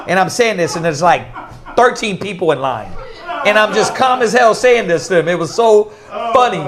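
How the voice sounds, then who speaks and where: A man preaching in a casual, animated storytelling manner, often laughing and dropping to a soft voice when quoting people. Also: sits high, normal speed. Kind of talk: casual religious teaching.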